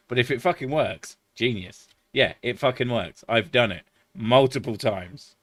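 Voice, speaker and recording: A man's voice: medium pitch, animated, normal speed, fairly bright tone, no room sound. Swearing British man on a dry mic. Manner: swears freely and laughs often. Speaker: streamer. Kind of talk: casual stream chat.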